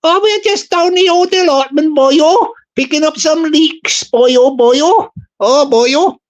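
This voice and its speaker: A man's voice: very high voice, slow pace, pitched above the performer's own voice. A man putting on a sing-song Welsh volunteer. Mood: eager. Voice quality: sing-song, repeats the word boyo. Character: cheery Welsh man volunteer, eager for the fight.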